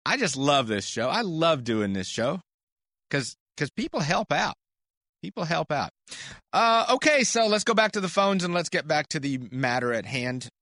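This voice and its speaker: A man hosts a call-in sports medicine radio show in an animated, chatty way. His voice is bright and a little high. It sits close and dry on the studio mic. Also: normal speed, no room sound. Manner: animated, chatty, laughs easily.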